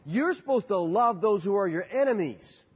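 A man's voice: moderate pace, husky. A man preaching a sermon as pastor, rising and falling sharply and putting questions to the congregation. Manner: animated preaching with sharp rises and drops in pitch. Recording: muffled hall recording with long reverb.

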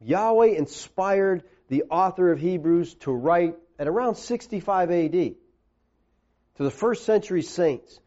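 High-voiced emphatic male preacher, lo-fi. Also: animated, measured pace, mellow. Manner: emphatic, reads scripture aloud in lower voice. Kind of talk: sermon. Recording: dull lo-fi recording.

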